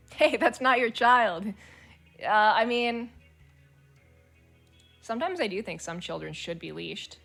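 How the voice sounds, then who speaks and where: A woman's voice: fairly low pitch, vocal fry, fairly bright tone. A woman streamer chatting casually and reading forum posts aloud, blunt, swearing freely and laughing as she talks.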